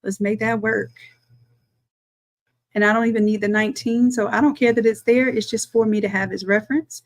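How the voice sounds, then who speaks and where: A woman, a design instructor chatting through a live-streamed software tutorial, talking to viewers as y'all and thinking aloud as she works. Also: a little high, fairly even intonation, fairly quick.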